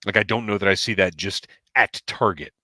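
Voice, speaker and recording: A man's voice: fairly low pitch, a little fast, pushed and bright, dry recording, clean studio sound. A man hosting a casual livestream podcast over a headset from home, chatting and reading out viewer comments. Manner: chatty, reads chat comments aloud. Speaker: podcast host.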